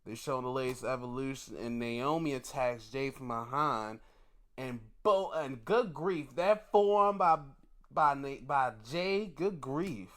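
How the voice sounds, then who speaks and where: A man reviewing wrestling shows in casual commentary, excitable and profane, often putting on mock outrage. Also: medium pitch, unhurried.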